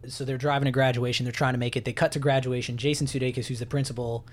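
A man's voice: mid-range voice, little pitch movement, rapid-fire. A man co-hosting a podcast, casually retelling a movie plot in a loose, rambling way with many fillers. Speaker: podcast co-host. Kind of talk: casual movie recap chat.

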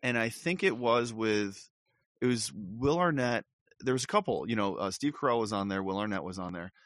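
A man's voice: on the low side, normal speed, no echo, clean studio sound. A man co-hosting a podcast in casual chat, rambling and laughing often as he talks. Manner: rambling, laughs often, lively impressions of others. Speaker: podcast co-host.

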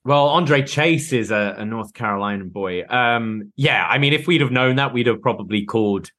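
A British man co-hosting a podcast, chatting about wrestling in a measured, hedging way. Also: medium pitch, a bit bright. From Britain. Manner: measured, hedging, self-deprecating. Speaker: podcast co-host. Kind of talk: casual wrestling recap chat.

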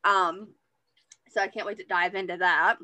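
A woman's voice: on the low side, normal speed, dry recording. A woman hosting a book podcast, chatting casually and keenly about new releases. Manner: relaxed, chatty, enthusiastic about books. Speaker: podcast host. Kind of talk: casual chat.

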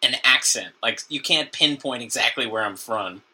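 Male podcast co-host, very bright tone, joking casual banter, from New Jersey. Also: medium pitch, husky. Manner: joking, laughs often, does quick funny voices. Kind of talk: casual chat.

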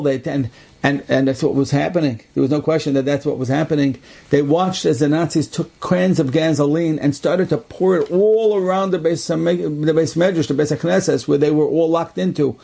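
Husky, gravelly man telling a story. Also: on the high side, steady tone, moderate pace, mellow. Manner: earnest, repetitive emphasis. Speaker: religious storyteller. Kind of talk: inspirational storytelling.

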